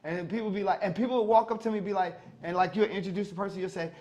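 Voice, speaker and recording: A man's voice: high-pitched, racing, hardly any pauses. A man from New Jersey hosting a morning talk show, chatting casually and acting out street voices. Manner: animated, acts out street voices. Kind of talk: casual chat.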